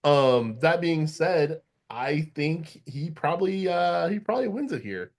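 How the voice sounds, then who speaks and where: Male podcast host; unhurried, hedging, full of ums, casual. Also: on the high side, sing-song, gravelly. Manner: hedging, thinking aloud with many fillers. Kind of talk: casual chat.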